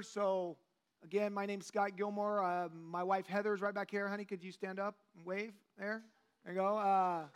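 A man in his late forties giving a relaxed, joking sermon to a church group in a conversational way, with plenty of fillers. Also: sits high, clean tone. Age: 40s. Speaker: lay teacher. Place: church meeting room.

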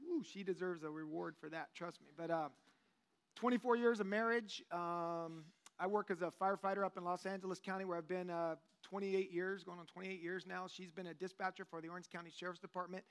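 A lay teacher in his 40s, nearing fifty, leads a church group study in a church meeting room, his voice sitting high for a man with a clean tone. He teaches a little fast in a relaxed, joking, conversational way full of fillers, as if chatting with friends.

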